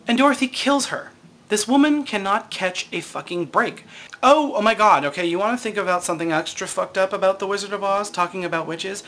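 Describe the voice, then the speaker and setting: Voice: mid-range voice, brisk, fairly bright tone. A vlog host delivering a sarcastic, profane comedic rant to camera and laughing often.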